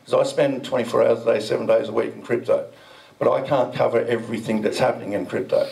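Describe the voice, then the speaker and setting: This crypto founder talks fast at a conference indoors, his mid-range voice fairly even in intonation, darkish, and touched with vocal fry. He spins a chatty, rambling story for the audience, with mild swearing. The audio is poor and captured from a distance.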